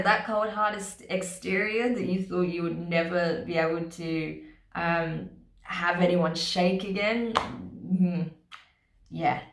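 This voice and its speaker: A woman's voice: lowish voice, gravelly, echoey room. A woman giving a casual monthly tarot reading to her viewers, chatty, often laughing, and adding "right?" to her points. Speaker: tarot reader.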